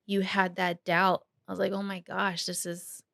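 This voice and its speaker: A woman co-hosting a podcast, speaking in a hesitant, halting and soft-spoken way. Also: on the low side, level tone, vocal fry, dry recording, clean studio sound. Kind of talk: casual conversation.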